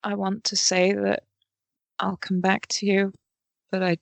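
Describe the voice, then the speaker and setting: A woman's voice: mid-range voice, monotone, measured pace, vocal fry, no room sound. A woman playing a tabletop game, narrating her character's actions and speaking in character in a faltering, unsure way. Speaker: player. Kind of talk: tabletop role-play.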